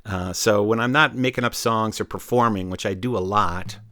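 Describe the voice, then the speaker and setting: A man's voice: fairly low pitch, normal speed, dry recording. A man, a storyteller and songwriter, chats casually in an interview from his home studio and sings a children's song. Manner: rambling and animated, imitates toad calls. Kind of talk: casual interview chat, then singing a children's song with guitar.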